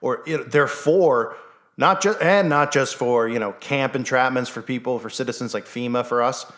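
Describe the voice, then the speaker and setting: A man hosting a vlog, ranting in an animated, sarcastic way and talking straight to his viewers. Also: mid-range voice, normal speed. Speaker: vlog host. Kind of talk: casual ranting monologue.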